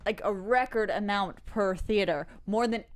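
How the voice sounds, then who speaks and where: A woman's voice: mid-range voice, measured pace. A woman hosting a casual movie podcast, chatty and teasing with her co-hosts. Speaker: podcast host. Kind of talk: casual chat.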